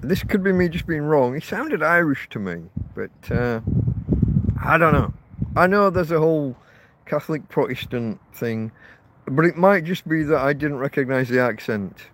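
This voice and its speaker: The voice is a little high, expressive, and fairly bright, moving at a moderate pace as a man who lives rough in a field camp chats with his viewers. He wanders and self-corrects, recorded on a portrait-held phone amid wind and faint outdoor noise.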